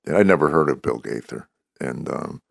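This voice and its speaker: A man in his sixties with a deep, gravelly voice tells animated stories as a podcast guest, acting out the lines of the people in them. The recording is close and dry, with no room sound. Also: moderate pace, dry recording. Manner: animated storyteller who acts out quoted dialogue. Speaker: comedian guest. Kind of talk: storytelling in a podcast interview.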